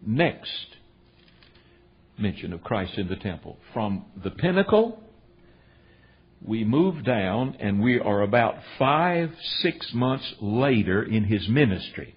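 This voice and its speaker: Middle-aged male preacher with a rough, husky voice, folksy and emphatic, on a muffled lo-fi recording. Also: on the low side, big pitch swings, slow. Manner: folksy, emphatic, repeats "said" while retelling stories. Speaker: preacher teaching the Bible. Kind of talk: storytelling sermon.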